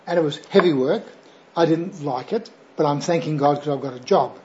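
A man's voice: on the high side, a little fast, lo-fi sound, noisy background. An older Australian man, a pastor, telling his personal testimony in a chatty, rambling way with frequent fillers and "right?" tags.

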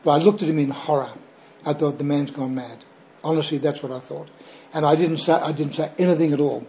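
A man's voice: a little high, fairly even intonation, a little fast, mellow, muffled recording, slight background noise. An older Australian man, a pastor, telling his personal testimony in a chatty, rambling way with frequent fillers and "right?" tags.

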